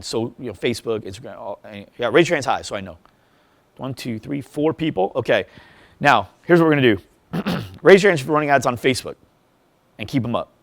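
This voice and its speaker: A man's voice: mid-range voice, no echo. A man speaking at a live workshop, firing rhetorical questions and drilling the audience in a punchy, repetitive way. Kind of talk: live seminar talk to an audience. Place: event room before a live audience.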